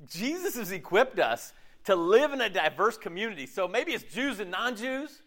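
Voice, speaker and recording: A man preaching a sermon as pastor, animated and chatty, acting out quoted voices and laughing at himself. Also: high-pitched, moderate pace.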